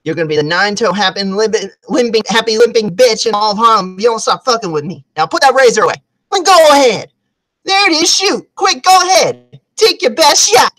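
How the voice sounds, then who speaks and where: A woman's voice: expressive, fast talker, few pauses, fairly bright tone, no room sound, natural voice. A woman putting on a fearless, streetwise older woman who taunts and threatens. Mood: taunting. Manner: low, taunting, swaggering.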